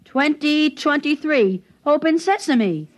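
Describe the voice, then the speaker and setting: A woman playing an excitable young boy who pleads and chatters, in a 1950s radio drama. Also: on the high side, normal speed, very noisy. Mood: eager. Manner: excitable, pleading kid talk. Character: eager young boy, stowaway's pal. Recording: dull 1950s radio broadcast, faint music.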